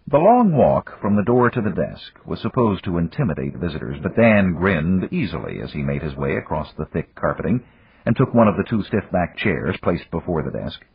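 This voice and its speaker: A man reading a novel aloud in measured scripted narration. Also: sits low, husky, dry recording. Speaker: audiobook narrator. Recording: dull dry lo-fi recording.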